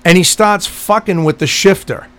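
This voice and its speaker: A man telling a story in casual chat, animated and profane, acting out what people said in quick bursts. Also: high voice. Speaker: podcast co-host telling a story.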